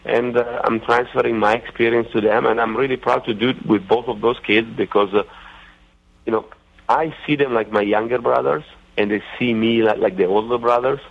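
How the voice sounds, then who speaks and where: A middle-aged man with an Italian accent, talking as a guest in a radio interview, halting and full of fillers and restarts. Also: medium pitch, steady tone, vocal fry. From Italy. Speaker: racing driver guest. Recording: muffled lo-fi radio sound.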